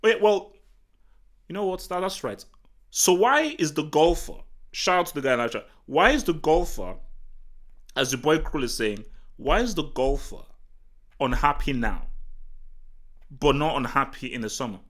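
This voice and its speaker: A man from Nigeria hosting a live football talk stream, chatting casually and answering the chat in an excitable, rambling way full of restarts. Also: on the high side, moderate pace, pauses often. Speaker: football talk show host. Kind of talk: casual livestream commentary, reading the chat.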